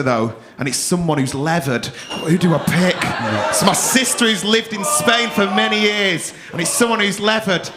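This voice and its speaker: Cheeky high-voiced man compering a comedy club. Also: fairly bright tone. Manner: cheeky, swearing, teasing the audience. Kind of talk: crowd work at a comedy night. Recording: live club room with crowd noise.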